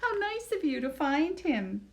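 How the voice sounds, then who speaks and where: A self-important horse who snorts and settles arguments his own way, as a woman puts him on. He speaks slowly with a lowered voice. A picture-book farmyard know-it-all. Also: big pitch swings, heavily acted. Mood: pompous. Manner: snorting, plodding.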